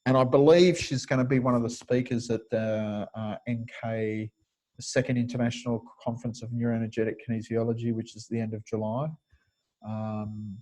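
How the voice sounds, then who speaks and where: A man's voice: mid-range voice, darkish tone. A middle-aged man giving an informal webinar lecture, rambling and digressive, with many restarts and chuckles. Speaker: webinar presenter.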